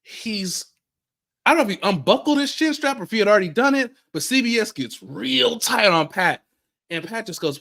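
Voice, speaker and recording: An American man co-hosting a casual sports podcast, animated, repeating phrases and acting out players' quotes. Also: high voice, moderate pace, vocal fry. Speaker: sports reporter and podcast co-host.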